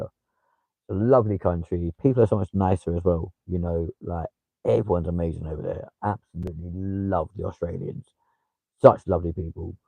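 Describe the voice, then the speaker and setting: A man's voice: low-pitched, gravelly, no room sound, narrow, tinny audio. A young man with a London accent chatting casually on a livestream, swearing freely and replying to viewers. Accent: London English. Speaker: livestream host.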